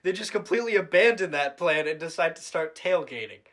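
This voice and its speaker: Male podcast co-host, casual movie recap, slightly higher voice, excitable, swears a lot. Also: a little fast. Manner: animated, swears often, rises to loud outbursts.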